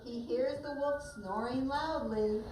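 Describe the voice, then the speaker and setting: A woman's voice: high-pitched, measured pace, darkish tone. A woman teacher narrating a story for her pupils to act out and giving them directions as she goes. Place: classroom. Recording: distant, echoey classroom with background noise.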